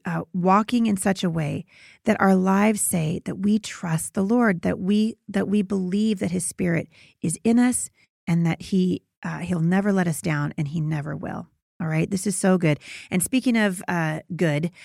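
Middle-aged female podcast Bible teacher; earnest, conversational, slight vocal fry, dry close mic. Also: medium pitch, dry recording. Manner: conversational and earnest, reads scripture slowly.

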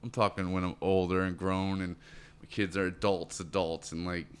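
A man's voice: flat delivery, normal speed, slight background noise. A man talking casually as a guest, earnest and motivational, often repeating words and calling people "man". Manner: acts out quoted voices in a higher pitch. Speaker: podcast guest. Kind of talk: casual conversation.

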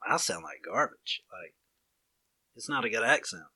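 A man's voice: on the low side, sing-song, moderate pace, pushed and bright, breathy edge. A man with a Southern US accent, chatting casually and acting out both sides of a story. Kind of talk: casual chat.

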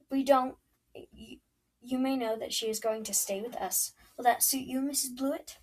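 Reserved spinster, slow and measured, slightly husky, read by a woman. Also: high voice, fairly even intonation, darkish tone, far from the mic, poor audio.

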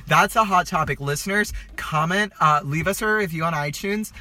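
A man's voice: a little high, bright, forceful tone, a little hiss or hum. A young man co-hosting a podcast in casual, playful chat. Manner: playful, quick to joke. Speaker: podcast co-host.

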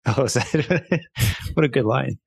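A man trading jokes with his co-host in a loose podcast chat. His voice sits at a mid pitch, and he has a playful streak. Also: unhurried, creaky, breathy edge. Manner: joking, playful, puts on silly voices.

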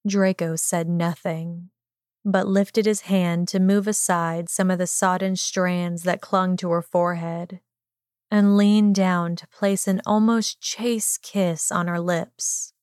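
Slow, dry-voiced woman reading a story. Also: on the low side, level tone, a little mellow, clean tone, dry recording. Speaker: narrator. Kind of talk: audiobook reading of fan fiction.

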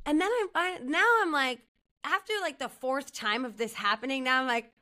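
Chatty woman podcaster, kinda high bright voice, laughs a lot, says like constantly. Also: normal speed. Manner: rambling, heavy use of "like", laughs through her story. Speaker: podcast co-host. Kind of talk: casual chat, storytelling.

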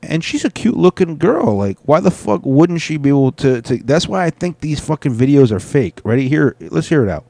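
A man with a fairly high, mellow, creaky voice talks briskly and very animatedly, barely pausing. He hosts a casual reaction show on video clips, rambling profanely and constantly correcting himself.

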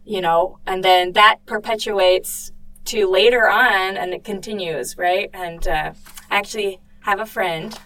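A woman's voice: mid-range voice, steady tone, unhurried, bright, forceful tone, distant mic, low-quality recording. A woman in a casual book discussion, talking conversationally with many fillers and restarts.

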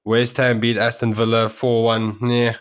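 A man's voice: mid-range voice, completely flat delivery, unhurried, clear, resonant tone. Man hosting a casual sports podcast. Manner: playful, mock-formal announcing. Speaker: podcast host. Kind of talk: casual chat.

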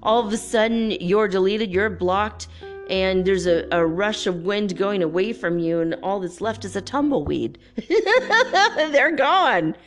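A woman giving casual relationship advice in a chatty, rambling monologue, laughing often and filling pauses with "you know". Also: mid-range voice, soft background music.

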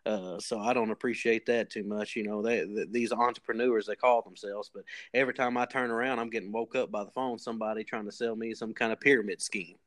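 A man with a Kentucky accent on a comedy podcast, posing as an expert and rambling folksily through deadpan tall tales with many restarts. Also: fairly low pitch, a little fast, few pauses.

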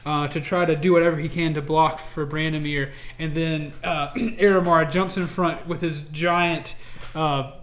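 A man's voice: on the high side, steady tone, a little slow, fairly bright tone. A man narrating a tabletop game as game master, rambling with many fillers and restarts.

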